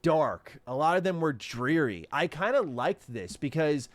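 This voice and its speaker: A man's voice: fairly high pitch, very animated, unhurried, no room sound. A man giving casual video commentary on a game trailer, enthusiastic and rambling, with many fillers. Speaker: gaming commentator.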